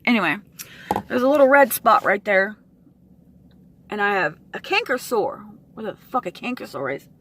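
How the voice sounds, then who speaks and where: A woman vlogger venting to her camera, frustrated and swearing, with sighs and pauses. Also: medium pitch, sing-song, a bit bright, slight background noise.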